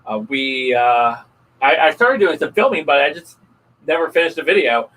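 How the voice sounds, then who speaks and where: A middle-aged man chatting casually on a live stream, speaking haltingly with many pauses and fillers. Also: fairly high pitch, animated, fairly bright tone, poor audio. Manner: halting, hesitant, many uhs. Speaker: co-host of a couple's live stream. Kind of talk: casual chat.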